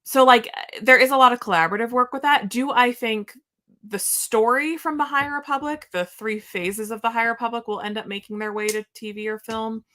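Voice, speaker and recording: A woman co-hosting a podcast in casual chat, excitable and gushing, rambling with lots of fillers. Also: a little high, brisk. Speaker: podcast co-host.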